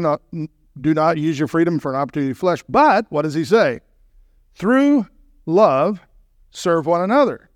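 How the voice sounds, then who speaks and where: A man preaching as a guest speaker, animated and emphatic, with joking asides to the congregation. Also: a little high, no echo, studio quality. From Southern California. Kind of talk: sermon.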